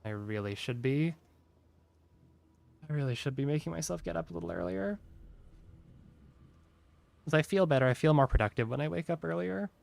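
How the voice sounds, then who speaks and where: A man's voice: fairly high pitch, lively intonation, normal speed, creaky, pauses often, a little mellow. A tired man chatting casually while streaming a game, yawning often and rambling with lots of "like". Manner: rambling, heavy use of "like". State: sleepy, yawning.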